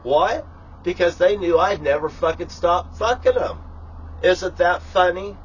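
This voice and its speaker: A man's voice: high voice, unhurried, muffled recording, slight background noise. A man talking casually in a rambling, profane, grandiose rant while cooking in his kitchen. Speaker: vlogger. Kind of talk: rambling live vlog monologue.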